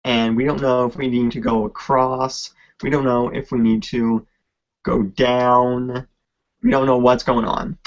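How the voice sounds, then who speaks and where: A man on a podcast telling a tabletop game story at a slow, halting pace, full of fillers, on a lo-fi recording. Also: medium pitch, level tone. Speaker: podcast co-host.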